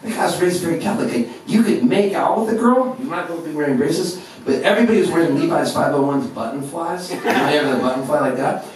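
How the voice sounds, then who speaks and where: A man's voice: fairly high pitch, quick pace, a crowd in the background. Self-mocking man telling stories onstage. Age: 50s. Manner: animated, self-mocking, laughing at his own jokes. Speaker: folk singer performing live. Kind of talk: onstage storytelling between songs. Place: live music venue. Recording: very echoey live room, distant recorder, guitar. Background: guitar.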